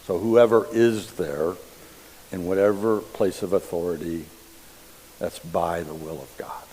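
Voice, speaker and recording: A man preaching a sermon in a church, reading scripture and explaining it deliberately. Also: low-pitched, dark tone, slight background noise. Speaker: pastor. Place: church sanctuary. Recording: long reverb of a church hall.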